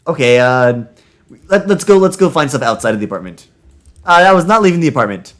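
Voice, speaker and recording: A man streaming a text adventure game live, reacting with loud, excitable outbursts. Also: mid-range voice, fast talker.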